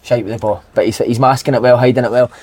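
A man, a podcast co-host and former footballer, telling a lively, swear-filled dressing-room story in casual chat. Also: mid-range voice, fast talker. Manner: swearing, animated anecdote-telling with put-on voices.

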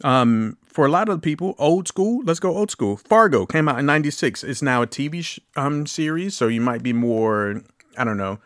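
A man's voice: medium pitch, expressive, normal speed, no room sound, studio quality. A man in his late thirties hosting a podcast, chatting casually about a film with loose asides and the odd curse word. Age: late 30s. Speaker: podcast host. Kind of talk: casual film review chat.

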